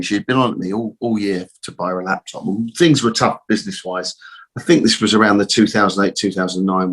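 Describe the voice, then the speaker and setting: A man's voice: fairly low pitch, fairly bright tone. A middle-aged man, a guest telling a long personal story in a casual, rambling way with mild swearing. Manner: rambling, repeats words, swears mildly. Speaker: guest, optical shop owner.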